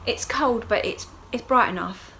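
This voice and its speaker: A woman's voice: a little high, measured pace, sharp tone, slight background noise. A woman chatting casually to the camera in a video diary while gardening outdoors. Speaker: vlogger.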